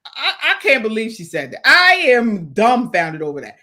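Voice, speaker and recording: A woman's voice: on the high side, big pitch swings, moderate pace, pushed and bright. A woman hosting an opinionated commentary show, incredulous, reading out viewer comments. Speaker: host.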